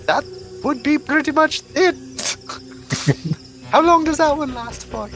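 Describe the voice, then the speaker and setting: A woman playing a tabletop game, chatting casually and thinking out loud as she plans. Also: sits high, animated, slow, soft background music.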